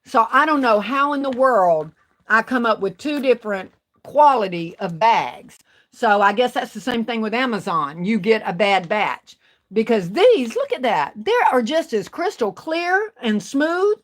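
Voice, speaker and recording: A woman's voice: fairly high pitch, animated. A woman, chatting casually with viewers on a craft livestream and drawing out her words. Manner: chatty, drawn-out, talks to viewers. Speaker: craft vlogger.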